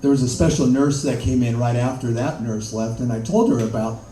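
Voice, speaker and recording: An older man, an interview guest, telling his story in a halting way with many fillers and laughs. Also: mid-range voice, fairly even intonation, mellow. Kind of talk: conversational storytelling. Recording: echoey room, mic far off, faint noise.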